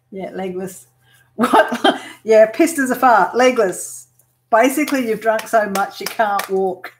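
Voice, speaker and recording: Australian woman hosting a relaxed live craft stream, easygoing and unhurried, quick to laugh. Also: a little high. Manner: laughs often, explains slang to viewers. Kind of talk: casual live chat while working.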